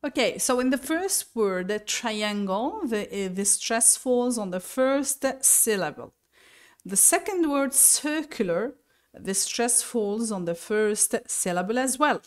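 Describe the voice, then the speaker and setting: A woman teacher explaining English vocabulary and pronunciation slowly and deliberately, sometimes correcting herself. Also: fairly high pitch, lively intonation. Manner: slow and deliberate, spelling out each word with self-corrections. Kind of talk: recorded lesson explanation.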